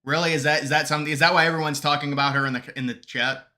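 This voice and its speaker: A man's voice: a little high, steady tone, very fast, pushed and bright. A man hosting a casual live stream, reading chat questions aloud and answering them in a mocking tone, laughing often and tripping over his words.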